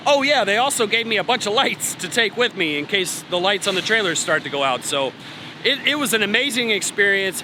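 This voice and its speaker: A high-voiced man chats casually to the camera about trucking, upbeat and rambling, with restarts. He stands outdoors at a truck stop, and clear traffic and engine noise fills the background. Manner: chatty, upbeat, trails off and restarts. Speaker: trucker vlogger. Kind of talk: casual vlog talk to camera.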